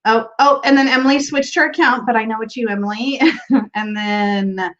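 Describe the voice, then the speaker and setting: Woman, livestream host, casual chat, greets viewers by name, laughs often, fairly high voice, dull lo-fi audio. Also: fairly even intonation, normal speed, a bit bright. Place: home room.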